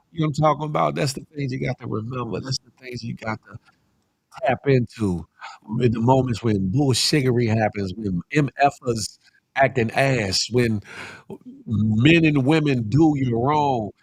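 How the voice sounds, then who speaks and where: A middle-aged man hosting a casual live morning show, animated and slangy, calling out chat names and preaching a little. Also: on the high side, no room sound, studio quality. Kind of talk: casual live-stream chat reading viewer comments.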